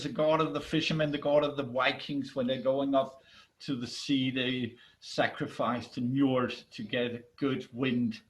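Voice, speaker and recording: A man telling a myth in an animated, dramatic way, with halting restarts, over a video call. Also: mid-range voice, low-quality recording. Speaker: storyteller. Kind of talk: myth storytelling.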